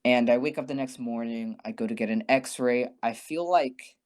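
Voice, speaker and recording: A man's voice: medium pitch, normal speed, smooth. Young male podcast co-host, swears freely, tells a story with animation and acts out the voices of people he quotes. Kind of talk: casual storytelling.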